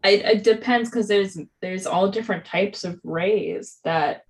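A woman's voice: mid-range voice, unhurried, low-quality recording. A young woman co-hosting a podcast in casual chat, chatty and giggly, with lots of "like" fillers. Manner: chatty, giggly, heavy use of "like". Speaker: podcast co-host.

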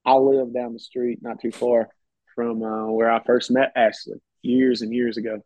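A man's voice: medium pitch, level tone, moderate pace, darkish tone, no echo. A man talking as a podcast guest, telling stories in a rambling, casual way and restarting his phrases often. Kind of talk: casual storytelling chat. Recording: dull, slightly muffled sound.

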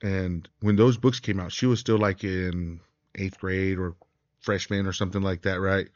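A man co-hosting a casual podcast chat, telling an animated story with lots of "right?". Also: sits low, moderate pace, no echo, lo-fi sound. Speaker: podcast co-host.

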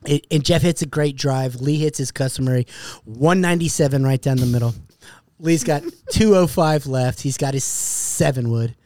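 A middle-aged man telling a golf story in casual banter, animated and profane, acting out what others said. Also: mid-range voice, normal speed, no room sound. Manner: animated, profane, acts out quotes. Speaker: podcast co-host.

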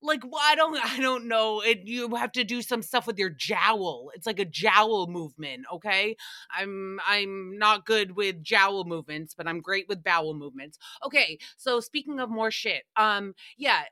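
A woman's voice: mid-range voice, a little slow, sharp tone, no echo, clean studio sound. A woman hosting a casual recap podcast, sassy and blunt, with sarcastic jokes and frequent swearing. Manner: sarcastic jokey asides. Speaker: podcast host.

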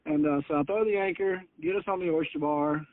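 A man's voice: a little high, brisk, dry recording. A man, a fishing charter captain, telling a story on a podcast in a fired-up, cussing way, heard over tinny phone-like audio.

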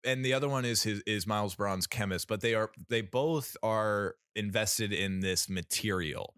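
Rambling low-voiced man chatting. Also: moderate pace, a bit bright, smooth, dry recording, clean studio sound. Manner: rambling, lots of fillers and restarts, laughs often. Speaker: podcast co-host. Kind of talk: casual film review chat.

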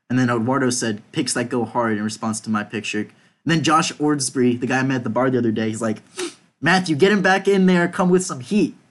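A young man hosting a podcast, casually reading out group chat messages and swearing now and then. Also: medium pitch. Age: young adult. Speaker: podcast host.

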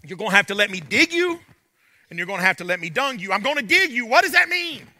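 Male pastor, high ringing voice, dry close sound, dynamic call-and-response delivery. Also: very animated, fast, no room sound. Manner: swings from soft murmurs to shouted peaks, call-and-response. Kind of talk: sermon.

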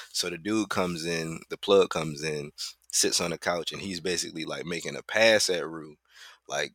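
A man's voice: a bass voice, normal speed, pushed and bright, dry recording. A man co-hosting a podcast, chatting casually and profanely, often laughing. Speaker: podcast co-host. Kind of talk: casual chat.

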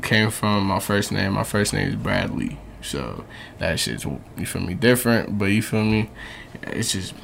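Gravelly low-voiced man mumbling slang. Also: lively intonation, measured pace, fairly bright tone, a little hiss or hum. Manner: mumbled slang, keeps saying "you feel me". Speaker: rapper guest. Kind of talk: casual interview chat. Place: podcast studio.

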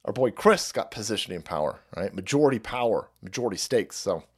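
A man with a lowish, husky, slightly mellow voice hosts a livestream, speaking briskly and expressively. He rants crudely and rambles about politics, stammering and restarting, mocking and laughing at his own jokes, while reading out and thanking chat viewers.

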